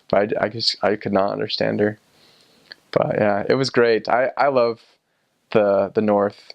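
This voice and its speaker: Easygoing young man, low voice, dry sound. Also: moderate pace, creaky, no echo. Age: young adult. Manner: relaxed and rambling, many ums and restarts, chuckles often. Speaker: returned missionary. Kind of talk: casual personal recollection.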